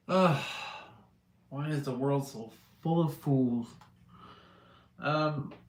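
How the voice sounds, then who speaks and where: A man's voice: mid-range voice, reverberant. A middle-aged man hosting a casual live chat, blunt and profane, chuckling as he answers comments. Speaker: livestream host.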